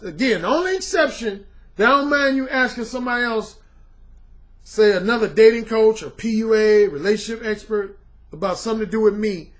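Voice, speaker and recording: A man's voice: high voice, fairly bright tone. A middle-aged man and dating coach talking bluntly and casually to his viewers, dropping "man" and slang as he goes. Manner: blunt, colloquial, repeats "man".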